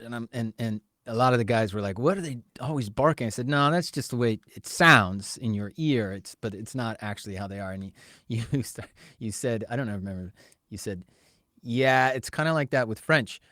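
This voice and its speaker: A man hosting a podcast interview, chatty, laughing often and asking quick follow-up questions. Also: on the low side, bright, forceful tone, no echo, clean studio sound. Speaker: podcast host. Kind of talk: casual interview chat. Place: podcast studio.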